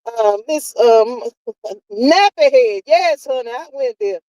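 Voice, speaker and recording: A woman's voice: a little high, expressive, takes it slowly, dark tone, no echo, poor audio. A woman, hosting a live stream and gossiping casually with viewers, sassy and drawling, calling everyone child and honey. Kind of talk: casual gossip chat reading viewer comments.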